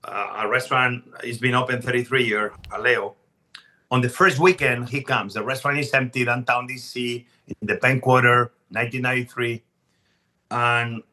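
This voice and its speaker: Bright, animated man telling stories. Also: medium pitch. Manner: animated, emphatic, restarts sentences. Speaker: chef guest. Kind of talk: casual podcast storytelling.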